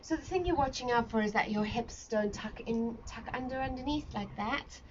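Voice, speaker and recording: A woman's voice: on the high side, moderate pace. A woman teaching a live online pilates class, giving friendly, encouraging movement cues with chatty asides. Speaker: pilates instructor. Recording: slightly dull sound with faint ambient noise.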